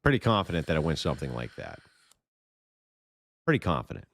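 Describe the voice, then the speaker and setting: A man's voice: rumbling low, wildly swooping pitch, a little fast, creaky, loud music behind the voice. A man chatting in casual commentary, sarcastic and mocking.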